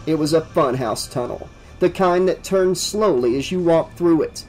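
A man reading a horror novel aloud as an audiobook, in a steady, vivid storytelling manner. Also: on the high side, low-quality recording. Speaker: audiobook narrator.

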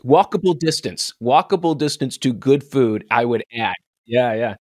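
A man's voice: medium pitch, lively intonation, normal speed, a little mellow, no room sound, studio quality. A man hosting an interview podcast in a casual, enthusiastic way, laughing often. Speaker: podcast host.

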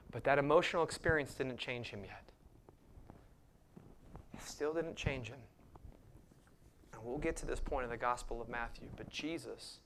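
A man preaching with passion at a middle pitch, his voice rising into emphatic bursts and then dropping to hushed asides. Now and then he slips in a dry, sarcastic jab. A faint background hum sits beneath him. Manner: sarcastic mock voices for points. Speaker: pastor. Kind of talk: sermon.

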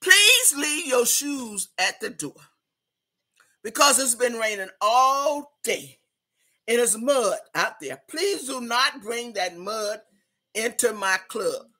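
A woman playing a loud, brassy big woman who hosts a party club, hollering her welcomes and slightly out of breath. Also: a little high, animated, full character voice. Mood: bossy. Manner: hollering, drawn-out, Southern-style slang. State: a little out of breath. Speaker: host. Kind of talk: comedic character monologue.

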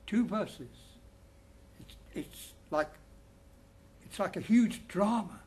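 An older English man speaking in a slightly high voice, telling his own stories to a lecture audience in a wry, anecdotal way. He talks chattily and often restarts his sentences. A faint hiss of noise sits behind him. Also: sing-song, slow, pauses often, darkish tone. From England. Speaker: speaker at a festival talk. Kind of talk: personal storytelling presentation. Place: lecture room.

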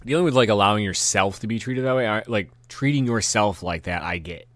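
A man's voice: on the low side, fairly quick, no echo. A man hosting a podcast, delivering a rambling, profane rant with angry bursts and frequent restarts. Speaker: podcast host.

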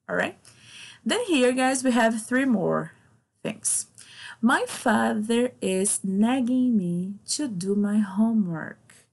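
A woman with a Brazilian Portuguese accent, a native Portuguese speaker, teaching a slow English lesson to children, switching between English and Portuguese as she explains. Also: medium pitch, gravelly, a little mellow, husky. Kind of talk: online English lesson for kids.

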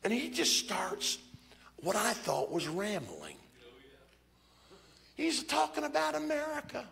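Lively gravel-voiced preacher telling a story. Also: male voice, extremely high pitch, slow pace. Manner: folksy, joking, acts out quoted voices. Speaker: bishop preaching. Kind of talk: storytelling sermon. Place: church conference hall.

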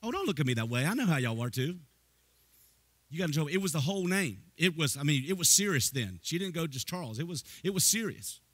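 A male pastor preaching a sermon. He asks the congregation questions and builds into a chanting, sing-song cadence with near-shouted emphasis. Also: a little high, very animated, quick pace, husky, dry recording.

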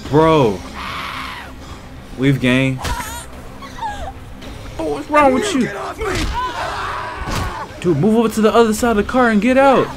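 A young man giving let's play commentary, loud and excitable, talking back to the characters on screen. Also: sits high, takes it slowly, long pauses, over music. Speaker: gaming YouTuber.

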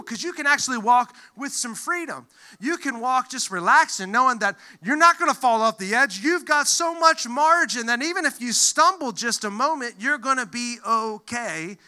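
A male pastor giving a lively, joking sermon, acting out the voices he quotes. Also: extremely high pitch, clear, resonant tone. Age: adult who grew up in church, looks back on age twelve. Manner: animated, jokey, acts out quoted voices.

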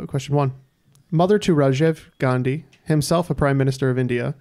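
A man hosting a podcast quiz, reading trivia questions in a measured way with dry asides. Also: medium pitch, gravelly, dark tone. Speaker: quiz host.

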